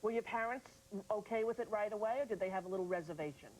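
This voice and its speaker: A woman's voice: mid-range voice, quick pace, a little mellow, low-quality recording. Chatty, teasing female talk show host. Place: TV studio.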